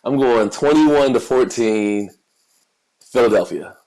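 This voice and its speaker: The audio is poor, and the man speaks slowly at medium pitch with a dark tone. He's an American podcast co-host in casual chat about football and celebrity news, frequently repeating words while figuring out what to say.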